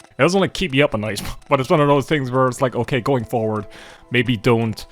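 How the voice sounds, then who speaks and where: A man's voice: medium pitch, brisk, faint music behind. Rambling Irish man gaming. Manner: rambling, chatty, swears casually. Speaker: gaming YouTuber. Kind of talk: casual let's-play commentary.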